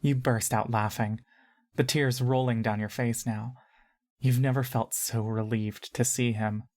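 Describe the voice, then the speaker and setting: A woman narrating a fantasy audio story in the second person, calm and measured. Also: very deep voice.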